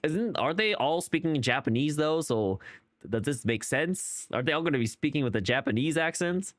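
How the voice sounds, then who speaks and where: A man's voice: fairly high pitch, expressive, brisk, a bit bright, no echo, studio quality. A man streaming a game who rambles through casual commentary, questioning himself and restarting his sentences often. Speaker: gaming streamer.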